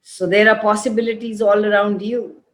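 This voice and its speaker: A host giving measured, reflective coaching talk, with hesitant restarts and a mix of English and Hindi. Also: medium pitch, level tone, fairly bright tone. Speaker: host and facilitator. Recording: echoey room.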